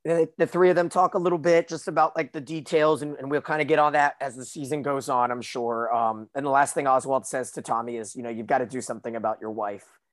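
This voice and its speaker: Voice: mid-range voice, little pitch movement, brisk, hardly any pauses. Podcast co-host, casual recap chat, chatty, lots of fillers, mid-range voice. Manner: chatty, loose, heavy on filler words like "like".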